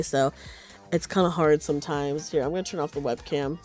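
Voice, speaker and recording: A woman streamer chatting casually while knitting at home, sleepy and low on energy, rambling and correcting herself as she goes. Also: animated, fast talker, soft background music. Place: at home on a couch.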